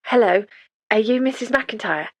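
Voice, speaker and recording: Woman voicing an earnest young woman, late twenties, slightly raised pitch, polite. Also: lively intonation, normal speed, no room sound.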